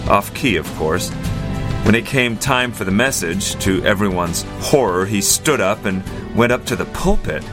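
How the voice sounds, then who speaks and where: Male radio pastor, low voice, storytelling over music. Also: normal speed. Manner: narrates a story with calm emphasis.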